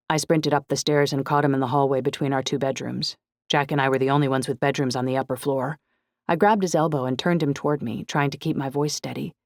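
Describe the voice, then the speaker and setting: A woman giving steady, measured first-person narration of a novel. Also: very deep voice, no room sound. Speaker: audiobook narrator.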